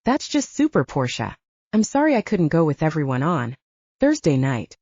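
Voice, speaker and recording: A woman's voice: deep voice, very animated, normal speed, darkish tone, dry recording, highs cut off. A woman voicing a dry, thoughtful young woman friend in an audiobook.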